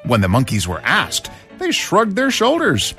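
A man narrating a children's story in an animated storytelling manner. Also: fairly high pitch, unhurried, soft background music.

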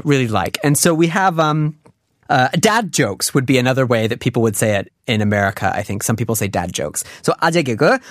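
A man in the middle of his range, patiently walking through a language lesson. He talks in a relaxed, loose way full of little fillers. The recording is dry and close, with no room sound. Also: medium pitch, no room sound. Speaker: language teacher. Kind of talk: casual explanatory lesson.

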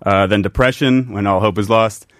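Man, podcast host, calm explainer, low pitch, dry sound. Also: normal speed, no room sound. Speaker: podcast host running a game. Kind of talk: casual podcast chat.

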